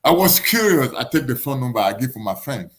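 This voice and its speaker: A man from Africa in his forties, telling a story in broken English on a podcast. He acts out the other people's voices, and his pitch rises and falls a lot. His voice sits at a middling pitch. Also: very animated, brisk. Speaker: guest boxer. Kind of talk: casual storytelling.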